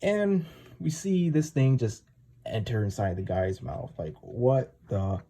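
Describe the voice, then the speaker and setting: A man's voice: medium pitch, very animated, slow, dark tone. A man casually recapping a comic chapter, rambling and full of filler words. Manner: rambling, full of "like" and "you know". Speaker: comic reviewer.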